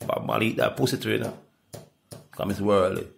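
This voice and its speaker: A middle-aged Jamaican man in a rambling, profane monologue that swings from loud outbursts to low mutters. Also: a little fast, gravelly, slight background noise. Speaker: reggae artist.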